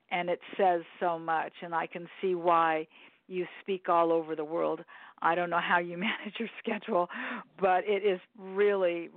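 A woman host with a fairly low voice asks questions over a thin, phone-like line. She muses thoughtfully, full of ums and restarts. The sound is dry and close. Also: no room sound. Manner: thoughtful, warm praise, many fillers. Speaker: interview host. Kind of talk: interview conversation.

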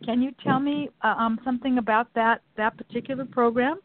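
A mid-pitched interviewer asking questions in a curious, chatty way. The voice comes through a narrow, tinny phone-line sound. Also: steady tone, brisk, dry recording. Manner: inquisitive, chatty.

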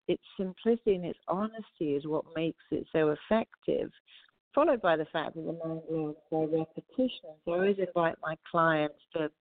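A woman therapist with a low voice talks through a tinny, phone-like line. She tells lively stories and acts out her clients' voices. The sound is dry and close. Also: no echo. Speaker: therapist and author, guest. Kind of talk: interview conversation.

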